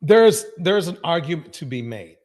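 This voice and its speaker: A man with a fairly high voice hosts a live reaction stream. He is emphatic and repeats himself. He breaks into loud bursts of agreement between stretches of casual talk. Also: big pitch swings, moderate pace. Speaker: livestream reaction host.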